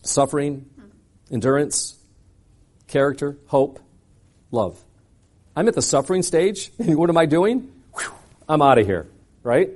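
A man preaching a sermon, telling a personal story with lively drama, moving from loud punchy lines to quiet low asides. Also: measured pace, pauses often. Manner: animated, dramatic storyteller who acts out dialogue.

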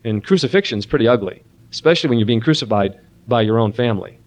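A man leading a Christian parenting seminar, praying softly and then preaching earnestly and animatedly to a room of listeners. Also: mid-range voice, fast. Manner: earnest, animated preaching with a soft-voiced prayer. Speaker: seminar speaker. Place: room with an audience.

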